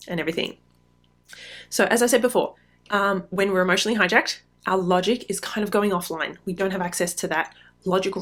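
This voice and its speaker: A woman's voice: lowish voice, fairly bright tone. Woman, parenting podcast host, casual advice talk, middle-aged, chatty with many ums, podcast mic. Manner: conversational, frequent ums, acts out quoted lines.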